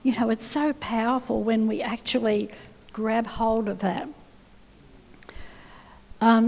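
A woman with a somewhat high but dark, mellow voice and a gravelly edge gives a chatty devotional talk. She strings her thoughts together with asides and softens to a near whisper when she quotes scripture. A long reverb hangs behind her. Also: measured pace. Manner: conversational, with frequent "you know" asides. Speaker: Christian speaker. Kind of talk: informal devotional teaching.

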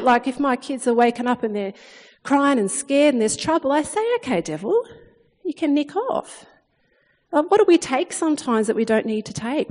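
A woman in her thirties preaching a sermon in a chatty, animated way, acting out the lines she quotes. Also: high voice. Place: church hall, long reverb. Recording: reverberant hall sound.

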